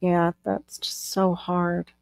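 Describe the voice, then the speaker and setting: A woman's voice: fairly low pitch, completely flat delivery, slow, vocal fry, darkish tone, no echo, clean studio sound. A woman co-hosting a casual live stream, chatting, reading out viewer comments and laughing often.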